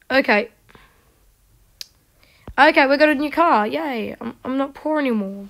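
Higher-voiced woman talking to herself over a game, self-deprecating, whispers little jokes under her breath. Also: a little slow, gravelly, pauses often, fairly bright tone. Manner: self-mocking, drops into whispered asides; chatty, talks to herself while playing. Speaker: gaming video creator. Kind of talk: casual gameplay commentary.

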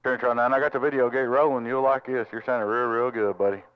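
A Southern man from Tennessee works a CB radio, drawling friendly greetings and sign-offs in a Southern American accent. He talks fast in a mid-range voice with a steady tone, over tinny radio audio full of loud static.

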